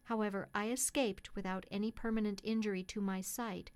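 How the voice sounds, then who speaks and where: A woman calmly narrating a classic storybook in the first person, in a measured way. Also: medium pitch. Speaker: audiobook reader.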